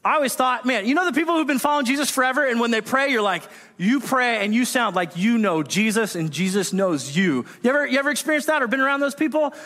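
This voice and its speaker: A man preaching a sermon in an animated storytelling manner, acting out the voices of people in his anecdotes. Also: very high voice, fast, few pauses. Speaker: pastor. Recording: echoey hall reverb.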